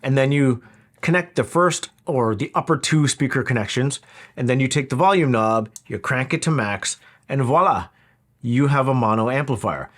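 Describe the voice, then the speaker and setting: A man's voice: medium pitch, moderate pace. A man talking through a product review in a casual, wry, conversational way. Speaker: audio equipment reviewer.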